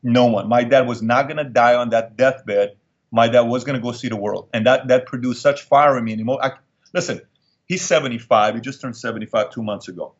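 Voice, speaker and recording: A middle-aged man speaks as an interview guest, driving his points home by repeating them and letting feeling into his voice. His pitch sits in an ordinary middle range for a man. The recording sounds a little dull and lo-fi. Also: a little fast. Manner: emphatic, repeats lines for effect, emotional storyteller. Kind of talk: candid storytelling interview.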